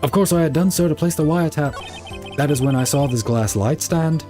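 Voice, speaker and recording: Man doing a loud, boastful businessman witness. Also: high-pitched, fairly quick, faint music behind, voice pushed up, close to an everyday voice. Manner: boastful, exaggerated put-on accent. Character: pompous male businessman witness.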